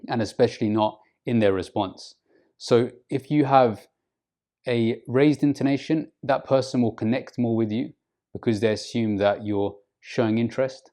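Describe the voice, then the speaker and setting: Male English teacher, mid-pitched, measured delivery, demonstrates phrases with big intonation swings. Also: warm tone. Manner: slow, deliberate teaching, models phrases with exaggerated intonation. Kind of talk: online English lesson.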